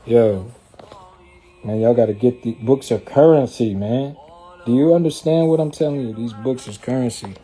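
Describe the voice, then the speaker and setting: A man's voice: medium pitch, unhurried, pauses often, warm tone, slightly rough. A man hosting a livestream in a loose, streetwise, rambling way, often checking in with his listeners. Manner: loose, streetwise, rambling, with frequent filler asides. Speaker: livestream host. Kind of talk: casual livestream talk.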